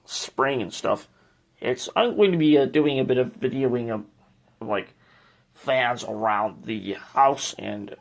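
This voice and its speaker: Man, slow unhurried delivery, mid-pitched, hesitant rambling fan-collector vlog host. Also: creaky. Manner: hesitant and rambling, with many restarts. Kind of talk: casual collection tour video.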